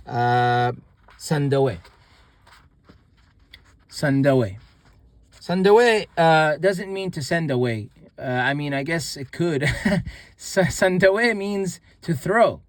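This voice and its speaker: A man teaching a casual online grammar lesson, talking haltingly with many restarts and repeating words slowly for learners. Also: fairly high pitch, no echo. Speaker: language teacher.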